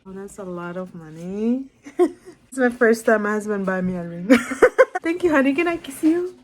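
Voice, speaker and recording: A woman's voice: medium pitch, expressive, moderate pace. A woman from the Philippines with a Filipino accent, vlogging at home in a giggly, emotional way. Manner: giggly, laughs often, emotional. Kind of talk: casual home vlog.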